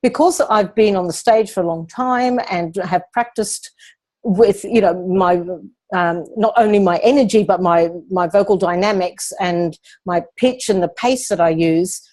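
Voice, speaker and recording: Calm, measured woman coaching speakers. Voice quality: lowish, resonant speaking voice. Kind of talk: coaching Q&A session.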